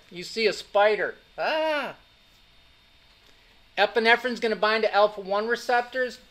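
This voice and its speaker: A man's voice: high voice, fairly bright tone. A man teaching an anatomy class, emphatic and repetitive, often checking that students are following along. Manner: emphatic, repeats key points, keeps checking students follow. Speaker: anatomy and physiology instructor. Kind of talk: classroom lecture.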